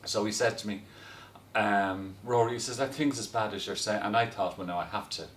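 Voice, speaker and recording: A man telling a story in a lively, casual way, often laughing as he goes. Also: lowish voice, fairly quick. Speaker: guest telling stories. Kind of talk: casual anecdote. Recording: roomy echo, distant from mic, faint noise.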